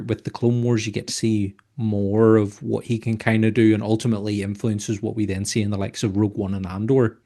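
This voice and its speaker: Podcast host, man, lowish voice, long wandering questions. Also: darkish tone. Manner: long rambling questions with fillers. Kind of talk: casual interview questions.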